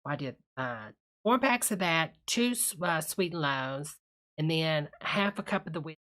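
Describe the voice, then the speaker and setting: A woman hosting as a gushing church lady on a live stream, a little tipsy from her drink, sweet-talking every viewer as honey. Her voice sits fairly low for a woman but comes across bright and forceful, with a drawl that is warm to the ear, all chatter and asides. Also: animated, normal speed. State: tipsy from a cocktail. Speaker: livestream host reading chat.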